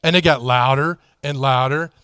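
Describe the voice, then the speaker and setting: A man's voice: mid-range voice, fairly even intonation, normal speed, bright, forceful tone, clear, resonant tone, no room sound, studio quality. A man speaking at a church as a guest author, telling faith stories in an earnest, folksy way. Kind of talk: conversational church testimony with storytelling.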